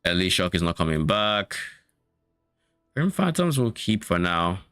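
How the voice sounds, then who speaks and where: A man's voice: low voice, very animated, unhurried, fairly bright tone, dry recording, studio quality, faint music behind. A man streaming a game, casually thinking aloud about loot and swearing now and then. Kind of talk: casual gameplay commentary.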